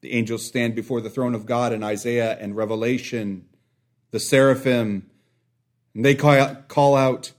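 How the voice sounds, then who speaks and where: A man with children preaching a sermon, deliberate, pausing for effect and dropping to a hush on key words. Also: medium pitch, fairly even intonation. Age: young adult or middle-aged, a father. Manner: deliberate, with long dramatic pauses and drops to a hush.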